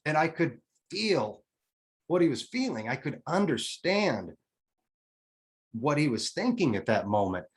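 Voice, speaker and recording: A man's voice: on the high side, sing-song, unhurried, pauses often. A man in his forties, a podcast guest telling a personal story in a candid, emotional way, with casual swearing and restarts. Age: 40s.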